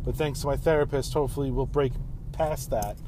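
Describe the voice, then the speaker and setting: A man's voice: mid-range voice, steady tone, brisk, background noise. A man in his thirties hosting a casual solo podcast while driving home, rambling in a laid-back way and swearing freely. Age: 30s. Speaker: podcast host.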